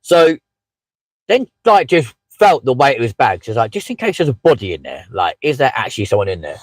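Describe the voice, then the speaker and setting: A man's voice: mid-range voice, big pitch swings, brisk, dry recording, rough recording. A man hosting a casual live stream from inside a parked car, chatting with many fillers and asides as he reads out viewer comments. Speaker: livestream host.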